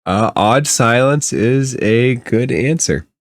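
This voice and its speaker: A man's voice: mid-range voice, animated, slow pace, no echo, studio quality. A man narrating a tabletop game as game master, easygoing and descriptive.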